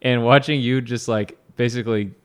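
A man's voice: medium pitch, steady tone, normal speed, clean tone. A man co-hosting a comedy podcast, chatting jokingly and reading playful mock ads. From Georgia, US. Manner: jokey, reads mock ads with laughs. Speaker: podcast co-host. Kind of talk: casual comedy podcast chat.

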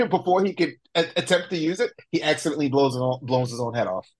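A man's voice: fairly high pitch, lively intonation, fast talker. A man chatting casually as a podcast guest, laid-back, laughing often and using fillers. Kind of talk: casual chat.

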